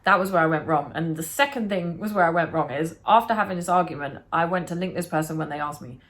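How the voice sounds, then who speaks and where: Lower-pitched woman in her late twenties, animated storyteller who swears freely. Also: fast talker. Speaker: vlogger. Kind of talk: storytime chat.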